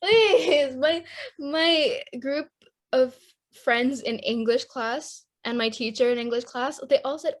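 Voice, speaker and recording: A teenage girl from Indonesia chatting as a podcast co-host. Her voice sits a little high, and she rambles and laughs often in relaxed, casual talk. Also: normal speed. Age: teens. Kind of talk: casual chat.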